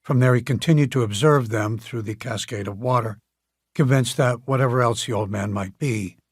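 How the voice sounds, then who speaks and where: Husky male audiobook narrator. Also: medium pitch, no room sound, clean studio sound. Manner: calm, measured storytelling. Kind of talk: scripted narration.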